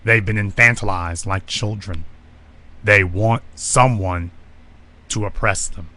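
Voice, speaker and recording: A man delivering a confrontational monologue broadcast as commentator, forceful and ranting. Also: fairly low pitch, slow, no echo. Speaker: online commentator.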